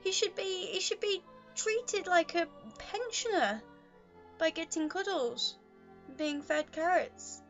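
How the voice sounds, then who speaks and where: With a pet resting on her lap at home, a woman vlogs in a casual, rambling monologue peppered with self-deprecating asides. Her pitch is extremely high and her delivery slow, and the sound is lo-fi. Choir music hums quietly behind her.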